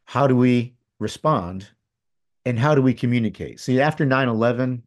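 A middle-aged man telling a personal story as a podcast guest, candid and rambling, his voice dropping to a hush and rising again. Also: medium pitch, moderate pace. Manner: candid, rambling, swings between loud and hushed. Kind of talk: casual storytelling.

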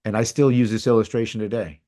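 A middle-aged man telling a personal story as a podcast guest, candid and rambling, his voice dropping to a hush and rising again. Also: on the low side, fairly even intonation, quick pace. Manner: candid, rambling, swings between loud and hushed. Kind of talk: casual storytelling.

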